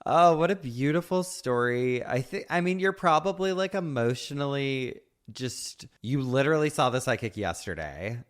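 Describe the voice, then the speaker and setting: Lively, playful man podcast co-host. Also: mid-range voice, normal speed. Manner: playful teasing, laughs often. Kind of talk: casual podcast chat, reading a listener post.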